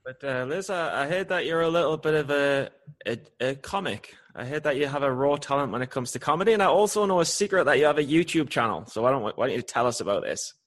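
A man hosting a casual interview, effusive, playful and quick to tease his guest. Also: fairly high pitch, animated, fairly bright tone. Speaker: interview host.

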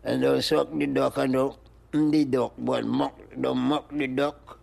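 A man's voice: mid-range voice, level tone, unhurried, gravelly, darkish tone. An older man, speaking in rhythmic, chanted free-flowing poetry and wordplay. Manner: rhythmic, sing-song chanting with animal noises and laughs. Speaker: interviewee, music pioneer.

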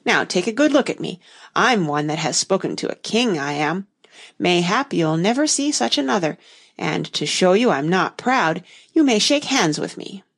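A woman's voice: lowish voice, expressive, normal speed. A woman voicing a pompous, argumentative egg-shaped man in a storybook reading. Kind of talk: audiobook reading.

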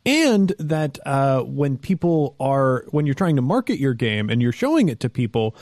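A man hosting a tabletop game podcast, chatting casually and calmly sorting out microphone trouble. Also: mid-range voice, dry recording, clean studio sound. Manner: relaxed, reassuring, talks through tech checks. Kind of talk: casual backstage chat.

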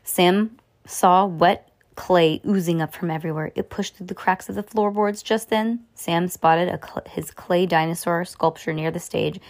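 A woman reading a children's chapter book aloud, stumbling and rereading as she goes, giving the characters lively voices. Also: on the low side, measured pace. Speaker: reader.

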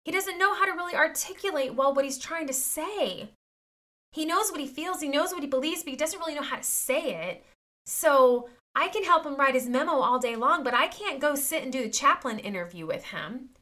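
Bright, high-voiced indignant woman vlogger. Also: lively intonation, fairly quick. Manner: emphatic, indignant, addresses viewers as "you guys". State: near tears at times. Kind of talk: impassioned personal vlog.

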